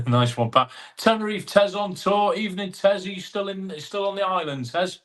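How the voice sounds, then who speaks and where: A man's voice: high voice, normal speed, fairly bright tone. A man with an English accent hosting a casual live stream, chatting in a matey way and reading out viewer comments.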